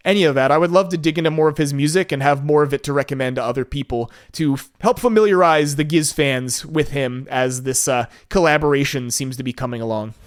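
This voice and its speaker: A man's voice: fairly high pitch, fast talker, hardly any pauses, dry recording, clean studio sound. A man hosting a solo podcast in a casual, enthusiastic, laid-back way, with some casual swearing. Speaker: podcast host.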